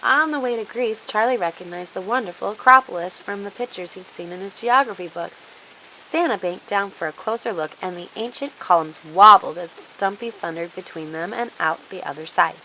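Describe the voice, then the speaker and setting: A woman reading a children's storybook aloud in an expressive, animated way. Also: mid-range voice, a little fast, slight background noise, low-quality recording.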